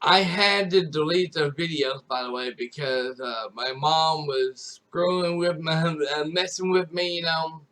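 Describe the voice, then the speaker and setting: A man with a notably high voice chats to his audience as a streamer. His storytelling wanders, full of restarts and repeated phrases. The tone stays casual and unscripted throughout. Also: measured pace, hardly any pauses, fairly bright tone. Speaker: gaming YouTuber and streamer.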